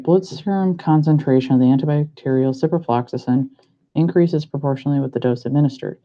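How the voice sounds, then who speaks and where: A young man, a pharmacy student, thinking aloud as he works through practice problems and doubts himself. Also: mid-range voice. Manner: muttering to himself, unhurried, self-doubting. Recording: muffled lo-fi recording.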